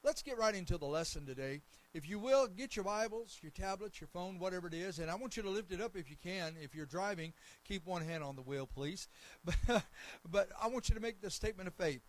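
A man preaching a sermon as pastor, building to loud, emphatic declarations. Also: high voice, lively intonation, fairly quick, low-quality recording.

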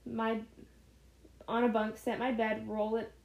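Another woman reads a story for a podcast she co-hosts, her slightly high voice flat, measured, and touched with vocal fry. She giggles and trips over words in a casual way, and the audio is muffled and echoey.

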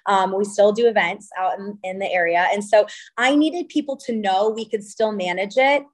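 A woman in her thirties, originally from California, talks about her venue business in a relaxed interview. Her speech is chatty and animated, full of little asides and "like," and she often acts out what people said to her. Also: mid-range voice, moderate pace, rough recording. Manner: chatty, animated storytelling with frequent "like". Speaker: venue owner and wedding designer. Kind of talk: casual interview conversation.

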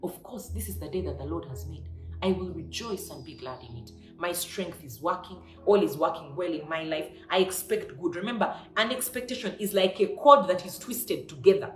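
A woman's voice: lowish voice, lively intonation, normal speed, soft background music. A woman preacher giving a devotional sermon, emphatic and repeating her key lines for effect. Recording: echoey room.

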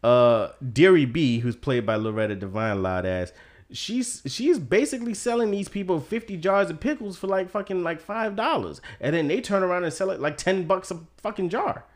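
A man talks casually about a film on a podcast, joking and swearing as he goes. His pitch rises and falls a lot. The tone stays loose and conversational. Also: normal speed. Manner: profane, joking, animated storyteller. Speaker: podcast co-host. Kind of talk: casual movie-discussion chat.

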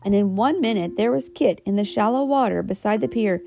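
A woman's voice: mid-range voice, brisk, creaky, warm tone, faint music behind. A woman reading a children's storybook aloud, with homely asides and self-corrections. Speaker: reader.

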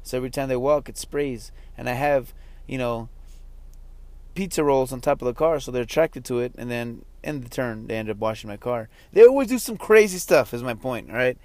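A young man rambling through a casual podcast rant, slangy and quick to mock himself. His voice sits at an everyday middle pitch. The recording is dry and close, with no room sound. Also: expressive, darkish tone, dry recording. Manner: rambling, slangy, self-mocking. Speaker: podcast host.

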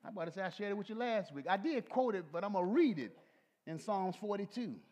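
A middle-aged male pastor preaching a folksy sermon, swinging from low soft asides to shouted peaks. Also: expressive, fast. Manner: folksy, talks to the congregation.

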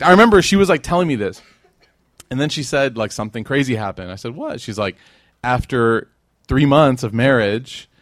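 Delivering a religious lecture before a live crowd, this man jokes and chats, performing the characters in his stories with lively voices. His pitch sits in the middle, and the recording is dry.

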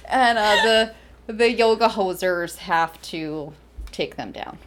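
A woman's voice: mid-range voice, lively intonation, slow, fairly bright tone. A woman co-hosting a casual podcast chat, swearing freely and laughing hard. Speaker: podcast co-host.

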